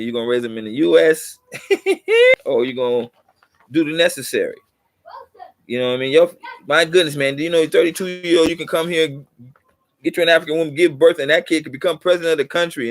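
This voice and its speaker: A middle-aged man lectures his viewers in a loose, rambling monologue, circling back to repeat himself and getting lively to hammer a point home. His voice sits a little high for a man. The sound is close and dry, with no room echo. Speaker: channel host.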